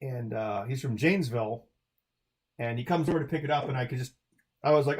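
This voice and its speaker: A man's voice: medium pitch, fast, a little mellow. A man hosting a charity livestream, answering viewer chat in a loose, rambling way with lots of fillers and restarts.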